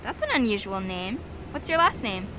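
A woman's voice: medium pitch, lively intonation, normal speed, noisy background, lightly acted. An actress playing a sweet, scatterbrained young woman in a 1940s radio comedy, naive and chirpy, taking everything literally.

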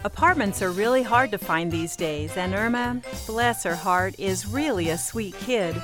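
A woman's voice: mid-range voice, a little slow, over music, close to an everyday voice. An actress playing a wisecracking young woman who narrates and trades dry, sarcastic quips in a 1940s radio comedy. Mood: wry.

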